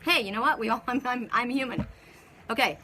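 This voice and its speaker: Woman, spiritual teacher, casual live talk, rambling restarts, bright tone. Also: a little high, brisk, a little hiss or hum. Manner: rambling storytelling with many restarts. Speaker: spiritual teacher and oracle reader.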